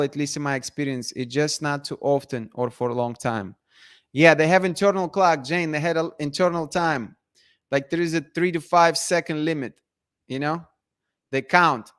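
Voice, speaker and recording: A man's voice: fairly high pitch, steady tone, moderate pace, a bit bright. A man hosting a casual live stream, reading viewer comments in a playful, emphatic way that repeats itself. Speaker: livestream host.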